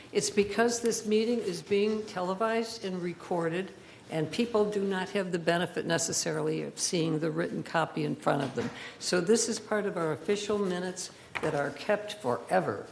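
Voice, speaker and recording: A woman's voice: lowish voice, creaky, darkish tone, reverberant, slight background noise. A woman chairing a community board meeting, calling votes, moving through the agenda and explaining the procedure. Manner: brisk, procedural, explains for viewers.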